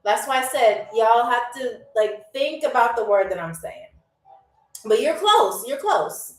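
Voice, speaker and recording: A woman's voice: on the high side, sing-song, a little slow. A young woman hosting a live-stream trivia game. She chats with viewers, encourages them, and keeps checking in with "okay?" and "all right?". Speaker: game show host. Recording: roomy sound from a distance with faint music.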